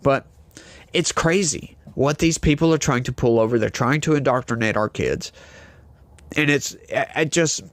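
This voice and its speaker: A man's voice: medium pitch, unhurried, no echo. A man with a southern Louisiana accent, reading the news and giving heated opinion commentary, hyper and ranting with lots of rhetorical questions. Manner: hyper and scattered. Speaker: political commentary host.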